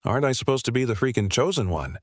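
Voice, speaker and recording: A man's voice: mid-range voice, animated, fast talker, no room sound, studio quality, close to an everyday voice. A man voicing an arrogant male demon lord villain, with a snappish, boastful manner. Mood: irritable, arrogant.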